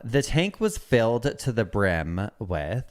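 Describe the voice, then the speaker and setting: A man with a somewhat low voice co-hosts a podcast and tells a history story. He is campy and sweary, calling his cohost girly and baby as he goes. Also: sing-song, slow. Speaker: podcast co-host. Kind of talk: casual chat.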